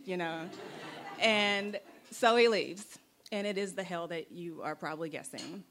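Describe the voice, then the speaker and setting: A young adult woman telling a personal story in an animated, playful way, acting out the voices she quotes. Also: fairly low pitch, unhurried, a little hiss or hum.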